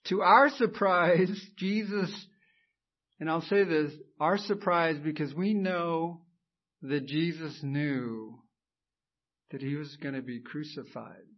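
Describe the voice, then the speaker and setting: A man's voice: a little high, slow pace, muffled recording. A man preaching a sermon as pastor, emphatic and building to fervent exclamations.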